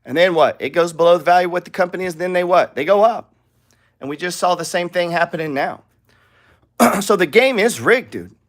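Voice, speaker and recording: Brief: high-voiced male trading teacher, blunt and profane, talks through charts with rhetorical questions. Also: lively intonation, a little fast. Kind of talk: live trading lesson with charts.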